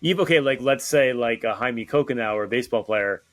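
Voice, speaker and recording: A man's voice: medium pitch, brisk, fairly bright tone, no room sound. A man, an author guest on a podcast, talking in a reflective way with many "like" and "right?" fillers. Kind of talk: casual interview chat.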